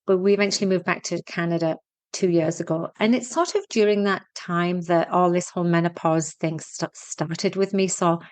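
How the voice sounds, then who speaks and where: A middle-aged woman with a Teesside northern English accent, her voice sitting low. She talks in a blunt, chatty way, laughing at herself and dropping the odd mild swear word. The sound is dry and close, with no room in it. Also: fairly even intonation, moderate pace, no echo. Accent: mixed northern English, Teesside. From Teesside, England. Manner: chatty, blunt and self-mocking, swears lightly. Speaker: guest, fitness and women's health expert. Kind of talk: casual interview chat.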